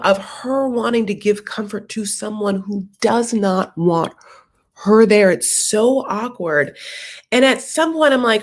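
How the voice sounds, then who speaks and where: Woman host, sassy, chatty, animated, casual recap. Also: medium pitch.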